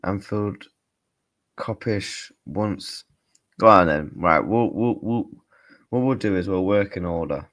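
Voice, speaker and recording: A man's voice: low voice, slow pace. A man hosting a casual reaction stream, chatting to his viewers. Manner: chatty, lively asides to viewers. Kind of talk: casual live-stream chat.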